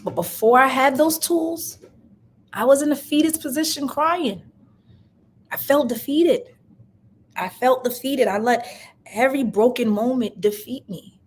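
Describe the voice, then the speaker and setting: A woman's voice: high voice, lively intonation, a little slow, long pauses. A young adult woman hosting a live love and life chat, talking passionately and emotionally, near tears, repeating phrases for emphasis. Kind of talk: emotional casual live-stream talk.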